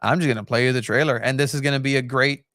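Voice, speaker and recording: A man's voice: medium pitch, very fast, fairly bright tone, no echo, studio quality. A man co-hosting a podcast in a casual, rambling chat, laughing often and acting out film scenes. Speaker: podcast co-host.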